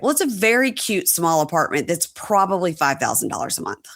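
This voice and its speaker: Woman host, low voice, casual recap chat, mimics lines from the show. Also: very animated, a little fast, fairly bright tone. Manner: chatty, acts out quotes from the show. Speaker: podcast host.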